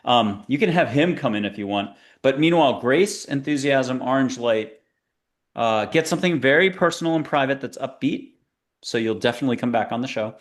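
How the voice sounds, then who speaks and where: A male talk-show host speaking in a lively, rambling way. His pitch swings up and down as he hops from one idea to the next in casual chat. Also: a little fast. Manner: rambling, animated, jumps between ideas. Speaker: podcast host.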